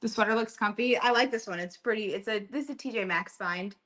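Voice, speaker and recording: A woman's voice: medium pitch, fast talker, fairly bright tone. Woman streaming casually from her kitchen. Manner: coaxing baby talk to her dog, reading chat aloud. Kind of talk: casual live-stream chat while cooking. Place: home kitchen.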